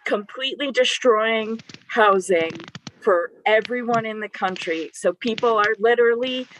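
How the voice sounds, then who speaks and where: A woman's voice: a little high, a little slow, a bit bright, slight background noise, low-quality recording. A woman contestant in casual banter, opinionated and swearing now and then. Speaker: game contestant.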